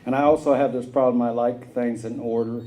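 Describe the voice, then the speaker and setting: Plainspoken man telling his story with a mellow voice. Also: medium pitch, steady tone, a little fast, slight background noise, poor audio. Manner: plainspoken storyteller, drawling with frequent "uh" and "you know". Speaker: AA speaker sharing his story. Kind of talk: recovery meeting talk.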